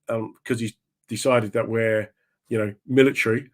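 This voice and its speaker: A stand-up comedian guesting on a show talks a little fast in a medium pitch. He recounts comic anecdotes with animation, imitating the voices of people in them.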